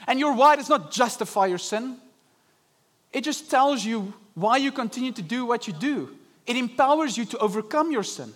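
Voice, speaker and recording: A young man preaching a Sunday sermon, animated and acting out inner voices. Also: very high voice, normal speed. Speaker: pastor. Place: church service.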